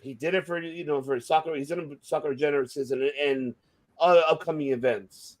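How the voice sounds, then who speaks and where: A man co-hosting a casual wrestling debate podcast, ranting heatedly with lots of swearing and sudden swings in loudness. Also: a little high, brisk. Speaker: podcast co-host.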